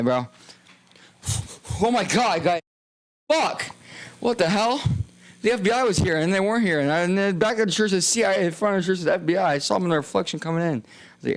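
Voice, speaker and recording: A young man streaming alone from a small room, rambling erratically and jumping from mumbles to sudden yells. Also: medium pitch, creaky, no room sound. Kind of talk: rambling solo livestream chat.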